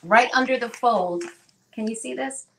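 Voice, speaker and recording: A woman teaching in an animated, conversational way, often checking in with "right?". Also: fairly high pitch, a little slow, creaky, recorded from a distance, poor audio. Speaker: guest teacher.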